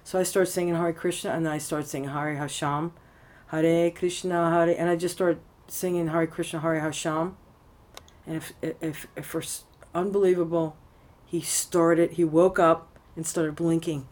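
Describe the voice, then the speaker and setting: A woman's voice: deep voice, little pitch movement, moderate pace, darkish tone. A woman telling a personal story in casual conversation, rambling and frank, swearing freely, at a temple. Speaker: interviewee.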